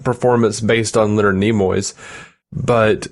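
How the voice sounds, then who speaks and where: A man's voice: lowish voice, fairly even intonation, a little slow. A man co-hosting a podcast in casual chat, rambling with fillers and frequent laughs. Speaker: podcast co-host.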